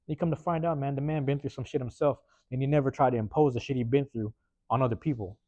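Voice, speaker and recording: A man's voice: medium pitch, quick pace, dry recording. Slangy, profane man hosting a podcast. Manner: slangy and profane, full of "man" and "bruh" tags; acts out quoted neighbors in lively put-on voices. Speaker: podcast host. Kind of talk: casual storytelling monologue. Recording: dull, dry close recording.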